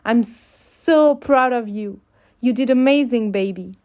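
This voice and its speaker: A gentle young man , voiced by a woman reading a fan story, who speaks to his partner with steady affection and reassurance. His lines sit a little higher and fuller than the narration around them, warm in intent but unforced. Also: takes it slowly. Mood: encouraging. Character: gentle, doting young man, a caring boyfriend.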